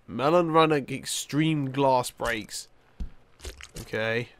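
Young male gamer, sleepy and slow-paced, chatty with bursts of excitement. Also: mid-range voice. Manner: chatty, rambling, with many fillers and sudden excited outbursts. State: tired, yawning. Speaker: gaming YouTuber. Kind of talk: casual let's-play commentary.

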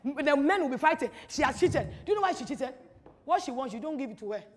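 A woman giving an animated, teasing church talk to an audience, full of rhetorical questions. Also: high voice, fast talker, long reverb tail. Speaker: speaker at a church teaching. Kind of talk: lively sermon-style talk to an audience.

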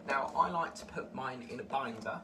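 A man's voice: mid-range voice, normal speed. Chatty man, distant noisy recording. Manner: chatty, rambling, easily delighted. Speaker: model-building vlogger. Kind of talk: casual unboxing commentary. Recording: distant mic with clear background noise.

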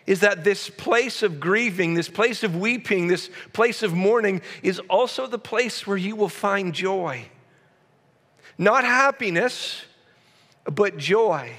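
Man, pastor, sermon, emphatic repetition, asides to the congregation, high voice, long hall reverb. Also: a bit bright.

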